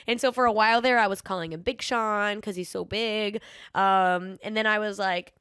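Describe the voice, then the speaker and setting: A woman's voice: medium pitch, steady tone, moderate pace, fairly bright tone, smooth, no echo, clean studio sound. A young woman hosts a podcast, chatting casually and telling stories with a playful, sassy edge and lots of ums. She has a slight lisp now and then. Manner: chatty storyteller, frequent ums, playful sass. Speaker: podcast host. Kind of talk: casual solo podcast chat.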